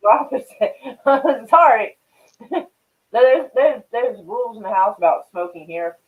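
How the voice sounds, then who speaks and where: A man hosting a stream, chatting casually with a caller in a blunt, profane way with quick banter. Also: extremely high pitch, expressive. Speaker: streamer host. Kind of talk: casual chat. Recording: tinny phone-like sound.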